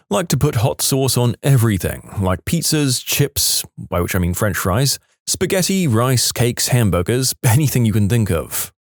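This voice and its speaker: A man narrating online comments in a scripted reading, with a wry, lively delivery and small laughs. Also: fairly low pitch, no room sound, clean studio sound.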